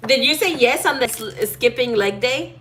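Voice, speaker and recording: A woman's voice: on the high side, a bit bright. A woman giving a casual tarot reading, talking in a chatty, playful way, laughing often and swearing now and then. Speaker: tarot reader.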